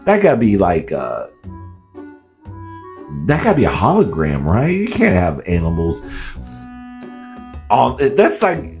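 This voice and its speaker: Guy reacting to clips, lively up and down voice, laughs a lot, stumbles and restarts, faint music under him. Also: on the low side, unhurried, pauses often. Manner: animated, laughing, stammering restarts. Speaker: reaction video host. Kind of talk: casual reaction commentary.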